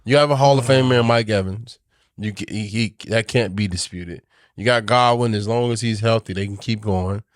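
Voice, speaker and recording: A man's voice: fairly low pitch, moderate pace, no room sound, studio quality. A man co-hosting a podcast in casual sports chat, rambling, restarting his sentences and often repeating himself. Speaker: podcast co-host.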